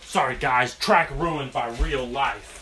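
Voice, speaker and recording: Slow-talking man cooing to his cats. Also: medium pitch, echoey room. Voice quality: coaxing baby-talk to cats, meowing. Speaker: podcast host. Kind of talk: casual talk to pets. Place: home with cats. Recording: distant mic, loud room noise.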